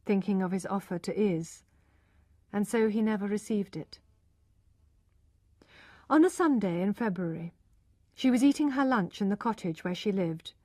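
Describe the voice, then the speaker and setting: A woman's voice: medium pitch, darkish tone, no echo. Give me a woman reading a learner audiobook steadily, with a dry close sound. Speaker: narrator. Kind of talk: scripted audiobook narration for learners.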